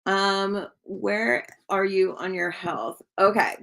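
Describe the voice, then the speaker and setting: A woman giving live-stream tarot readings in a chatty, gushing way, full of likes and ums and quick laughs. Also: medium pitch, fairly even intonation, creaky, slight background noise. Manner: chatty, warm to viewers, laughs often. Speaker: tarot reader.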